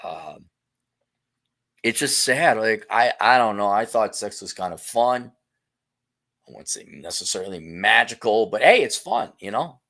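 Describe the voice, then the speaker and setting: A man's voice: expressive, unhurried. A middle-aged man hosting a casual livestream, reading viewer messages aloud and reacting bluntly with swearing and frequent laughs. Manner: blunt, profane, laughs often, shifts pitch and loudness a lot. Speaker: livestream host reading super chats.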